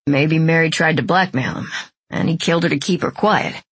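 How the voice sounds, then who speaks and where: A woman's voice: low-pitched, normal speed, breathy edge, no echo. Woman doing a laid-back, wry man investigator.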